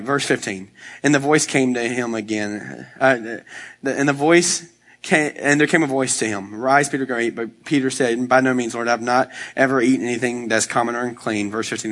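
A man's voice: medium pitch, a bit bright. A male pastor preaching a sermon, reading scripture and explaining it in a casual, conversational way, acting out the quotes.

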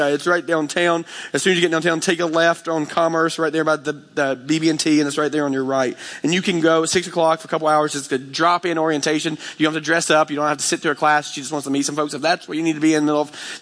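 A man's voice: on the high side, a bit bright. A man, preaching a passionate, conversational sermon full of fillers. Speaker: pastor.

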